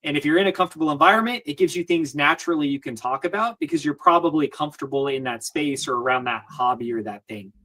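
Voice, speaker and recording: A man's voice: fairly high pitch, fast, hardly any pauses, sharp tone. A man as an interview guest, giving advice in a confident coaching manner and repeating his key points.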